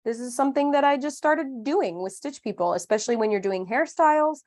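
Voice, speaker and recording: This upbeat woman in her thirties runs a live online craft class, her high voice brisk and a little mellow. She chats through each step with playful asides, keeping a friendly, conversational pace.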